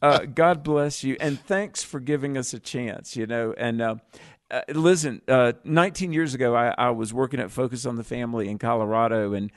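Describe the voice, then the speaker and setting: A man's voice: mid-range voice, normal speed, no room sound, studio quality. A man with a Southern US accent co-hosting a call-in Bible radio show, folksy and chuckling, often repeating his words. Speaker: radio co-host.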